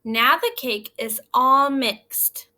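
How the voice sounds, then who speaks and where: A woman voicing a hard-working little female hen in a storybook read-aloud, slightly raised and clear. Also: sits high, very slow, bright, forceful tone, exaggerated voice. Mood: patient.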